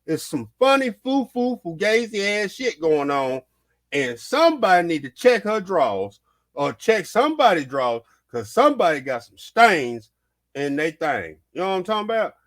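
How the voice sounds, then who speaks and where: A man hosts a reaction vlog in a loose, worked-up rant, circling back over his points and cursing freely. His voice sits a little high for a man. The talk is raw and unscripted, full of asides to his viewers. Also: moderate pace. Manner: animated, repetitive, swearing, heated. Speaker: vlog host. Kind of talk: casual reaction commentary.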